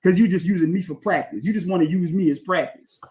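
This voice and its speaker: Indignant high-voiced man ranting. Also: quick pace, a little mellow. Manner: indignant, mocking. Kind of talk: livestream rant played back.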